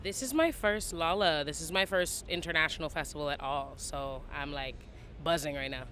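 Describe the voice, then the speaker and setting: A woman's voice: low-pitched, normal speed, fairly bright tone, slight background noise. A woman from Toronto with a Toronto accent, chatting upbeat as a musician guest in an interview backstage outdoors. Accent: Toronto English. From Canada, Toronto. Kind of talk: casual interview.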